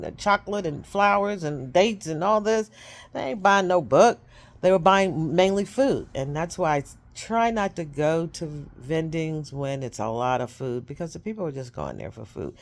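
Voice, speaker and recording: A woman's voice: sits low, a little mellow. A woman author, chatting casually to camera and rambling as she repeats herself. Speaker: self-published author vlogging.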